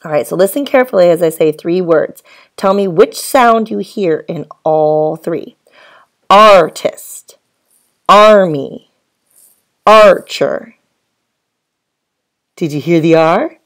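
Brief: patient first grade teacher, woman, slow deliberate delivery, low and gravelly. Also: a little mellow. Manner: slow, clear, patient teacher voice with drawn-out words; speaks as if to children answering off camera. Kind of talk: phonics lesson for young children.

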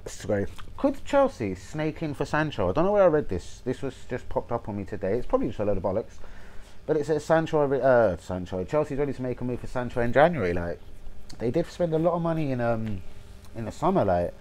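A man's voice: medium pitch, big pitch swings, a little fast, a little mellow, low-quality recording. A young man, rambling casually about football, swearing a lot and losing his train of thought. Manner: rambling, swearing, forgetful asides. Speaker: football fan vlogger.

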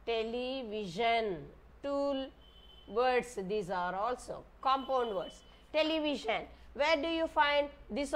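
Primary teacher, woman with an Indian English accent, high voice, slow and patient, spells each word for small children. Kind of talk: online maths lesson for young children.

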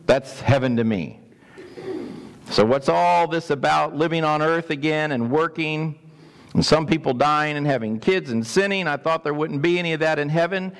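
Man, pastor, sermon, emphatic, asks the room questions, slightly high voice, long hall reverb. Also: moderate pace. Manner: emphatic, repeats words, asks questions of the congregation.

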